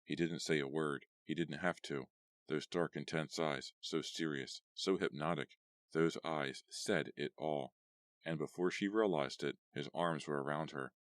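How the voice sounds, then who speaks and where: A man narrating a horror audiobook in a steady storytelling read. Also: extremely low pitch, measured pace, dry recording. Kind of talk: scripted narration.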